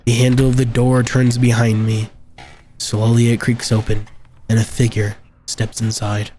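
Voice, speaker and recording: A man reading a horror game aloud, with quiet reactions between passages, over game music. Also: mid-range voice, slight background noise. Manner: slow, flat narration with quiet reactions. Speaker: gameplay video host.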